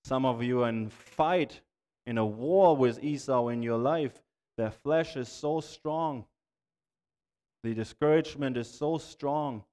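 German-accented pastor preaching in a reverberant hall. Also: male voice, medium pitch, darkish tone, smooth. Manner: earnest, pleading, rising in intensity. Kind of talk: sermon and prayer. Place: church sanctuary.

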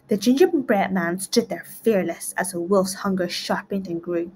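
A woman narrating a children's read-along storybook in a clear, rhythmic rhyming voice. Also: mid-range voice, normal speed, few pauses, a little mellow. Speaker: storybook reader.

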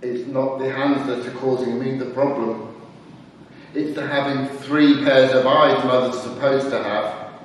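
A man's voice: medium pitch, fairly even intonation, measured pace, a little hiss or hum, close to an everyday voice. A man playing the Lord as a fond, patient creator in a dramatised church reading, speaking earnestly and tenderly. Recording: echoey church heard from far off.

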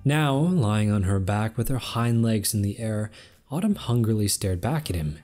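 Mellow-voiced man reading a story. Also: lowish voice, expressive, moderate pace, soft background music. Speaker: story reader. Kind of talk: fan fiction reading.

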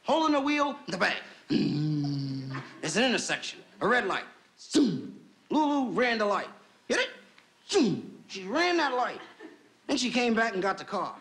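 A man telling a stand-up comedy story with deadpan punchlines and lively quoted voices. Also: extremely high pitch, fairly quick, a little hiss or hum, rough recording.

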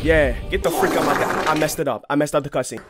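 A young man, commentating his gameplay with loud, excitable trash talk and sudden yelps. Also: on the high side, fast. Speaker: gaming streamer. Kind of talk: let's play commentary. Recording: game soundtrack loud under voice. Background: game music.

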